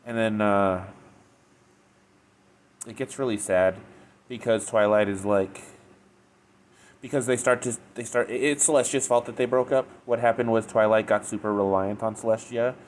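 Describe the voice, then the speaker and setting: A man with a somewhat low voice gives a loose, casual review, retelling the story off the cuff. He rambles, packs his talk with fillers and often restarts his sentences. A faint hiss sits under the voice. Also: fairly even intonation, normal speed, long pauses. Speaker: fanfiction reviewer.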